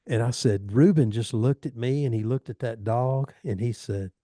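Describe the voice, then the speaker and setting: A man's voice: mid-range voice, moderate pace, warm tone, dry recording, clean studio sound. A middle-aged man, a guest on a podcast, telling rambling anecdotes in a casual chat and chuckling as he goes. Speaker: podcast guest, fire service training advisor.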